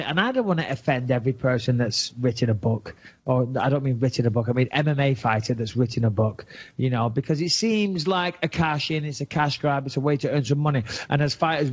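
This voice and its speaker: A man's voice: on the high side, muffled recording. A man from England with a Lancashire accent, hosting a podcast in blunt, swearing casual chat. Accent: Lancashire English. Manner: blunt, swears freely, animated retelling. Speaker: podcast host.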